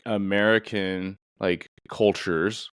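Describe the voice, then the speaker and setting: A man's voice: sits low, fairly even intonation, slow pace, fairly bright tone, smooth, no room sound, clean studio sound. A man hosting a casual interview conversation, a police officer, thoughtful and rambling with many fillers. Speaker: podcast host and police officer.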